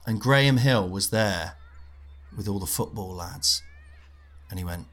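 Rambling deadpan male storyteller. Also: lowish voice, a little slow, pauses often. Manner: meandering, deadpan, keeps adding forgotten details. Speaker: comedian guest.

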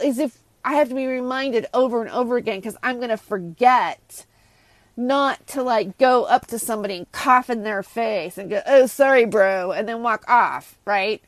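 Brief: woman host, slightly high voice, sarcastic and fed-up, very dry close sound. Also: no room sound. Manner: exasperated, sarcastic, rambling with many restarts. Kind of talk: casual solo rant.

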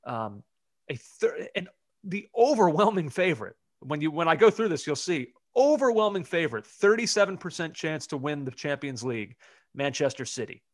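A man's voice: fairly high pitch, very animated, normal speed, no echo, clean studio sound. Man hosting a football podcast. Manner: conversational, leads the segment. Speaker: podcast host. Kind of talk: casual chat, sports discussion.

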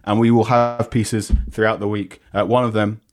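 A man's voice: fairly low pitch, flat delivery, moderate pace, faint music behind. A young man hosting a football podcast, chatting casually and reading promotions in an upbeat way. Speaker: podcast host.

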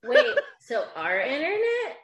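Slow, giggly high-voiced woman. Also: wildly swooping pitch, fairly bright tone, roomy sound. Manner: giggly, teasing. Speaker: podcast guest. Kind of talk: casual chat on a video call.

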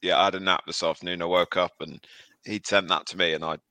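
A man's voice: sits low, steady tone, fast talker, sharp tone, dry recording. A man from England co-hosting a football podcast, wry and sweary in casual talk. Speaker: podcast co-host.

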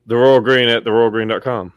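A man's voice: medium pitch, steady tone, fairly quick, clean tone, no room sound, highs cut off. A man co-hosting a casual live chat, telling stories with chuckles and jokes. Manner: chuckling, joking storyteller. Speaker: co-host.

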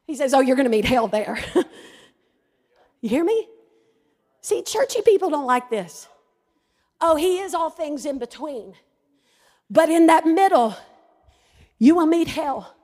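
A woman pastor preaching a sermon, mixing personal stories and humour with fervent passages that rise to shouted declarations. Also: high voice, lively intonation, slow pace, pauses often.

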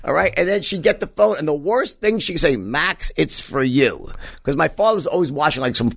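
Gravelly, profane New man telling stories. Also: a little high, animated, fast. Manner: profane, emphatic, does mocking voices of his father. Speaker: podcast guest. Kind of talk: animated storytelling interview.

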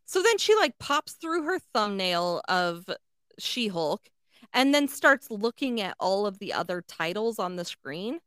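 Woman podcast co-host, blunt, profane, incredulous, middle pitch, dry close mic. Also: big pitch swings, unhurried, a bit bright, clean tone, no echo. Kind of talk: casual recap chat.

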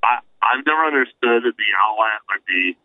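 A man's voice: mid-range voice, animated, moderate pace, narrow, tinny audio. A man co-hosting a podcast in casual chat, telling anecdotes in an easygoing way with fillers. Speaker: podcast co-host.

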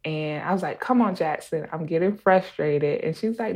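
A mother telling a personal story in a casual, animated way, acting out what people said and laughing now and then. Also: low voice, normal speed. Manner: animated, acts out quotes, laughs between phrases.

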